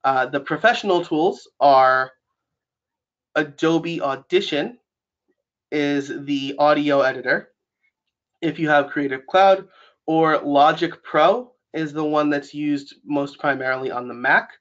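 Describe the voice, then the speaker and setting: A man's voice: on the high side, slow, a bit bright. A man from New York with a New York accent, presenting a casual webinar and talking it through with lots of fillers. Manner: chatty, many fillers like um and like. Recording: dull lo-fi webinar audio.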